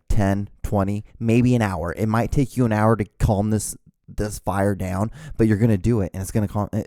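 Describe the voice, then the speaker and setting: A man's voice: fairly low pitch, warm tone, dry recording, studio quality. A man hosting his own solo podcast, rambling and swearing, with many restarts. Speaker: podcast host.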